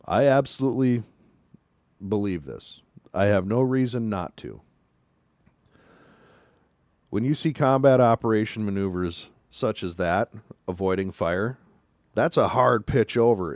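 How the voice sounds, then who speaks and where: A man's voice: on the low side, normal speed, no room sound, clean studio sound. A man hosting a news commentary show. He talks emphatically and repeats his points for stress. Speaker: show host.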